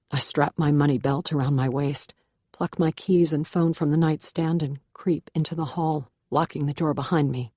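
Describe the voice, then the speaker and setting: A woman narrating a first-person thriller audiobook in a measured, hushed, tense way on a close microphone. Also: low voice, dry recording.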